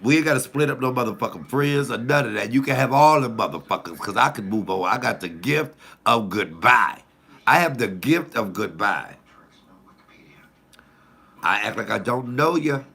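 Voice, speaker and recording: Gravelly, bright-voiced man telling stories. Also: mid-range voice, moderate pace. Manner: profane, animated, confiding. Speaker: comedian and channel host. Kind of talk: casual storytelling to camera.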